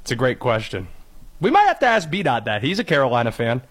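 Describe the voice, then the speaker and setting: A man with a Cajun accent hosting a sports talk radio show, loud, excitable and jokey. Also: a little fast, dry recording. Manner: loud, excitable, jokey, swings pitch for emphasis.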